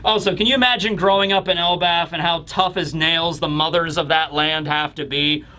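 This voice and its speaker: A man's voice: a little high, steady tone, normal speed, pushed and bright. A man hosting a casual manga chapter review, chatty and laughing, swearing casually. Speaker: host.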